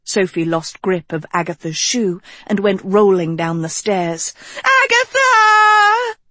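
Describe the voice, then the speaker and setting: A woman reads a storybook aloud, measured and expressive at an unhurried pace. The recording is dry and close, with no room around it. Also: lowish voice, no room sound. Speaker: audiobook narrator. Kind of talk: scripted storybook narration.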